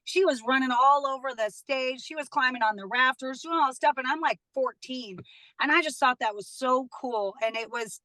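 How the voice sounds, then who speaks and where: A woman's voice: a little high, pushed and bright, no echo, low-quality recording. A woman in her thirties, a studio guest, chatting casually and laughing often as she tells personal stories. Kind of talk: casual chat.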